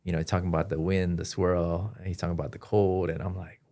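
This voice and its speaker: A man as a podcast guest, telling his personal story in an earnest, halting way with frequent restarts. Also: deep voice, level tone, dark tone. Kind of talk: personal testimony in an interview.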